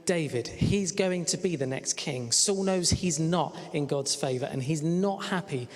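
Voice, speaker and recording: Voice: mid-range voice, a little slow. A children's church leader teaching a Bible lesson in earnest, simple phrases. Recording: church hall reverb.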